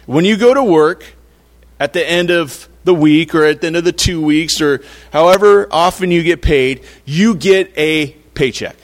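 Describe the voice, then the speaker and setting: Man, pastor, sermon, conversational, playful, raised pitch. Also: moderate pace. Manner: conversational, playful preaching with acted-out quotes.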